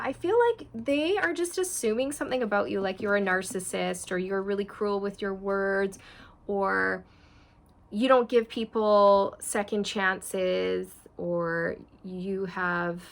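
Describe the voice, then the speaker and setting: Gravelly-voiced woman reading tarot cards. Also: mid-range voice. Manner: chatty, repetitive, speaks straight to viewers. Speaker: tarot reader. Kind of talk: casual tarot reading to camera.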